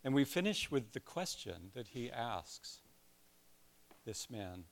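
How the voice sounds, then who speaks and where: A man's voice: medium pitch, sing-song, slow pace, a little hiss or hum. An older man preaching a sermon in a conversational way, with self-deprecating asides and personal stories. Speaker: pastor.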